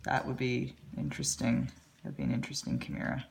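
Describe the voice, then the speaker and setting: A woman hosting a live drawing stream, chatting in a rambling way with quick asides. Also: very deep voice, big pitch swings, gravelly, darkish tone. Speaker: artist and live stream host. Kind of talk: casual chat while drawing. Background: faint music.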